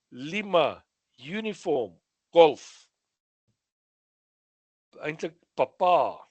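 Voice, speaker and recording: A South African man with a fairly high pitch goes through a radio exam revision session, reading questions and following each with its answer plus brief remarks. There's no echo on the recording.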